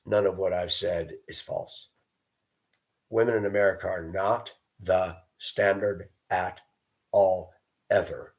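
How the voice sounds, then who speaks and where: A man's voice: low voice, fairly even intonation, takes it slowly. Blunt, profane man ranting. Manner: mocks others in a raised voice. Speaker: video host. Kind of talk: ranting monologue.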